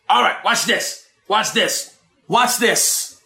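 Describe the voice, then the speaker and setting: A man preaching a sermon, shouting and dramatic, with asides to the congregation. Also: high voice, takes it slowly, creaky, reverberant, faint music behind.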